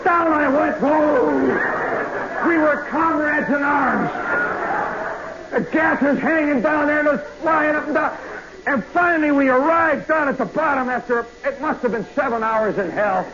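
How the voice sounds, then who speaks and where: A man telling a comic story in a live radio monologue, swinging from hushed asides to loud yelps. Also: very high voice, moderate pace. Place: nightclub stage. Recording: muffled vintage radio broadcast with hiss.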